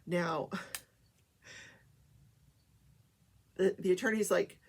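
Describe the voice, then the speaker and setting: Older woman with a gravelly, husky voice. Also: lowish voice, steady tone, very slow. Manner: chatty, many fillers, acts out quotes. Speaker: talk show host. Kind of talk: casual trial recap.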